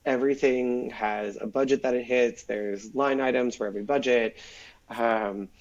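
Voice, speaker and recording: A man in casual podcast conversation, telling a story in a lively way, acting out quoted lines and using many fillers. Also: mid-range voice, normal speed, dull audio. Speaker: guest, former automotive PR man.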